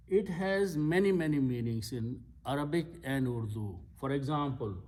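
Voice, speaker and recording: A man's voice: mid-range voice, darkish tone. A man teaching Arabic grammar of scripture in a patient lesson, explaining step by step and repeating key words. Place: Islamic center classroom.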